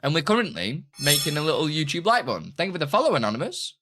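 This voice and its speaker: Man, live streamer, chatty and rambling; high-ish, lively delivery. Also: rapid-fire, slight background noise. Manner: chatty, rambling with repeated restarts. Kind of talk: casual live-stream chat.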